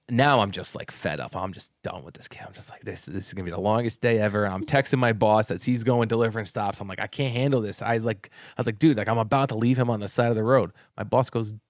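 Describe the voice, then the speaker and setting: A man's voice: lowish voice, brisk, no room sound, studio quality. Man telling a story animatedly. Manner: animated, repeats himself, acts out quotes with laughter; swears casually. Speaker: podcast co-host telling a story. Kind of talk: casual storytelling chat.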